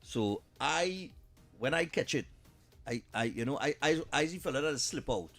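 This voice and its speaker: A Trinidadian man hosting talk radio, telling a comic story in an animated way and repeating "boy" and "eh" a lot. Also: medium pitch, moderate pace, faint music behind. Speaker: radio show host. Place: radio studio.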